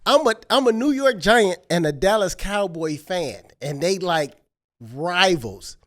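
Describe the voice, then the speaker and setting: A man in his thirties with a fairly high voice, talking loosely on a podcast. He rants in bursts, dropping low and quiet, then jumping up loud and excited. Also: unhurried. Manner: animated, ranting, swings between low mumbling and excited outbursts. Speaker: podcast co-host. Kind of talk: casual chat.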